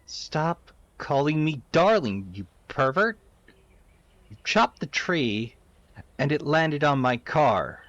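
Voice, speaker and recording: A man's voice: fairly high pitch, sing-song, slow pace, fairly bright tone, dry recording, dull audio, full character voice. A man voicing an angry young woman stranded by her wrecked car, reading game dialogue bluntly and swearing. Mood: annoyed.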